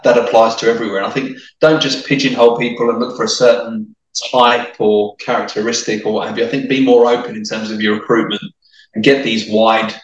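A man answering interview questions in a reflective, measured way, sometimes repeating words as he thinks. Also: on the low side. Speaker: interview guest, industry executive. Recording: echoey room, mic held far off.

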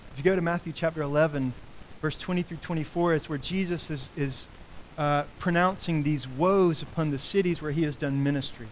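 Animated male preacher, light hiss. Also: poor audio. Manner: animated preaching, rising high for quoted cries. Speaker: pastor. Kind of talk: sermon.

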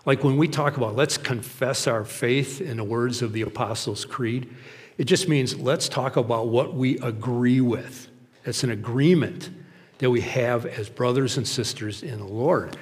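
A man's voice: mid-range voice, normal speed. Man preaching a chatty sermon in a reverberant hall. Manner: conversational and anecdotal, acting out quotes. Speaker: pastor.

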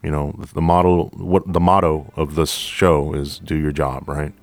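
A man hosting a podcast, a police officer telling a story from the job in a profane, animated way, acting out both sides of the dialogue. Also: extremely low pitch, unhurried, dry recording. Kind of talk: storytelling monologue.

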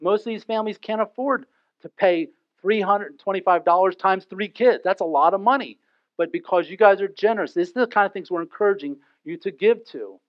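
A male pastor preaching a sermon in a church. He talks in a lively way and acts out small scenes and quotes with humor. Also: high-pitched, brisk, dry recording. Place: church sanctuary. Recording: dull lo-fi dry recording.

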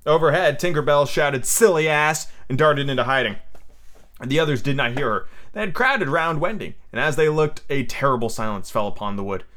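Laid-back male podcaster reading a book aloud, irreverent, mid-pitched. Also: expressive, brisk, bright, forceful tone. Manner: irreverent, swears casually. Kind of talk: casual storybook reading.

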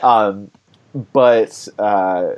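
Chatty man with a low voice. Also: very slow, over a noisy crowd. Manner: rambling, chatty, laughs often, many fillers. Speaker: board game reviewer and podcast host. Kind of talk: casual podcast chat.

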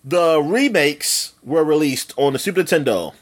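A man's voice: fairly high pitch, animated, normal speed. A man in his late thirties co-hosting a podcast, rambling through casual chat with lots of fillers and laughing often. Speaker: podcast co-host.

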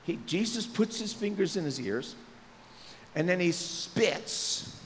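A man preaches in a high, bouncing voice that leaps up and down as he jokes and acts out little scenes from scripture. His words ring through a church with a long hall echo. A faint hum sits underneath. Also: slow. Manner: lively, joking, acts out quotes in voices. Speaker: pastor. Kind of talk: sermon. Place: church sanctuary.

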